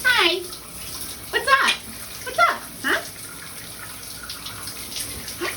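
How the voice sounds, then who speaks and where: Squawky talking parrot, very high. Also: very animated, very slow, heavy background noise. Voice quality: squawky, birdlike mimicry. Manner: repeats short phrases and beeps. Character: talking pet parrot mimicking human speech. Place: bathroom during a shower. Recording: loud running water, from far off. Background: running shower water.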